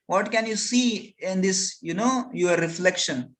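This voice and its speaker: A stern elder lion , voiced by a man telling a story, speaks in firm, commanding tones. He scolds the cub insistently in a slow storybook delivery with a raised voice. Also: high voice, a bit bright.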